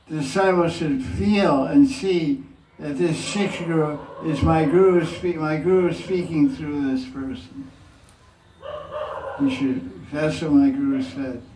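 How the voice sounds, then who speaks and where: A man, a spiritual teacher, answers questions in a relaxed and chuckling way and quotes people in put-on voices. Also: on the high side. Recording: echoey room, mic from a distance, faint noise.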